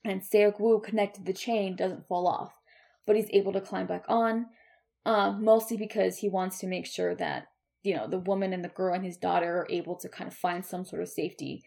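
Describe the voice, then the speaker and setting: A woman's voice: medium pitch, fairly even intonation, moderate pace, creaky, dark tone. A woman on a podcast retelling a film scene in casual chat, blunt and full of "like" fillers. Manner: chatty, many "like" fillers, blunt language. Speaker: podcast co-host. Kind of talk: casual movie recap.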